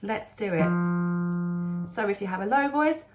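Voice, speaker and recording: A woman singing teacher, possibly from the UK, giving calm, encouraging instruction in a vocal lesson with sung demonstrations. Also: medium pitch, measured pace, over music.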